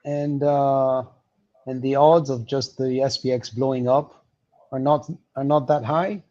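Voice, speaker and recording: A man walking through market levels on a livestream, explaining with many pauses and fillers. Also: mid-range voice, fairly even intonation, a little mellow, muffled recording. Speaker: market analyst guest.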